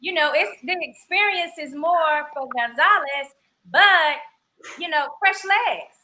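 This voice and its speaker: A woman's voice: high-pitched, animated, takes it slowly, pushed and bright, slight background noise. A woman from Texas with a Southern accent, joking playfully in a casual chat.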